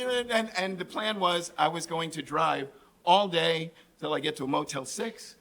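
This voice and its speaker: On stage, a New Yorker with a New York accent animatedly tells a comedic personal story, repeatedly asking the audience "right?" and giving lively voices to the people he quotes. His voice sits on the high side, with vocal fry, at a normal speed.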